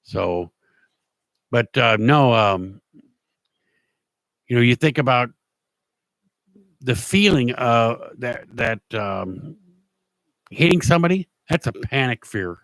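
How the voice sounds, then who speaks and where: A man's voice: mid-range voice, animated, slow, vocal fry, long pauses, a bit bright, no room sound. A middle-aged man hosting his own show, telling a personal story in a rambling, plain-spoken way with many restarts. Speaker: show host. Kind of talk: casual storytelling monologue.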